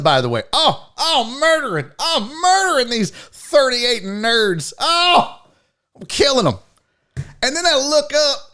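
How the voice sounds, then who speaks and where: A man hosting a sports talk show, telling a story in a casual, profane, animated way and acting out what others said. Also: high voice, clean tone. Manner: animated, profane, acts out quotes. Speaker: podcast host.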